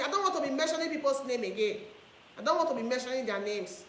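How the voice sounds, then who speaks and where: Nigerian woman activist lecturing to camera, sharp and bright, room echo behind her. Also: high voice, animated, quick pace, a little hiss or hum. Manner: preachy, mixes Pidgin and English, repeats phrases for emphasis. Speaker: online activist speaker. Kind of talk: impassioned monologue to camera.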